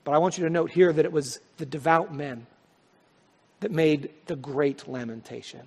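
A male pastor preaching a sermon, swelling to loud, high peaks and then dropping to soft, quiet lines. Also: moderate pace, slightly rough. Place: church sanctuary. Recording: long hall reverb.

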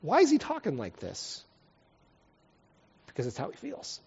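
Husky-voiced guy preaching, goes big and emotional then hushed, dull lo-fi sound echoing round a big hall. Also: medium pitch, wildly swooping pitch, a little slow, pauses often. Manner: impassioned, swings from loud dramatic reading to soft prayer. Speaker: pastor. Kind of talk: sermon with scripture reading and prayer. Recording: lo-fi recording with long hall reverb.

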